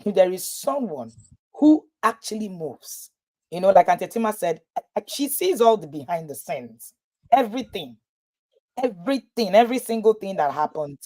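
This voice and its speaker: A woman with a medium-pitched voice and normal speed coaches parents in a live webinar. She's from Nigeria and tells her stories with energy, voicing each quoted person.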